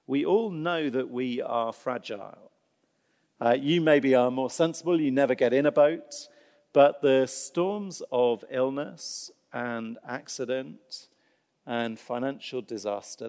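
A man's voice: mid-range voice, creaky. A man delivers a sermon in a mid-range voice, moving between vivid storytelling and wry asides. His words ring out with a long reverb, as in a large church hall. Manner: storytelling, animated, self-deprecating humor. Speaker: preacher.

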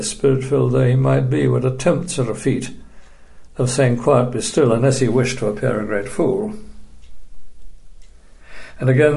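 A man teaching a recorded Bible study lecture, measured and emphatic, dryly dismissive of opposing views. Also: mid-range voice, vocal fry, darkish tone.

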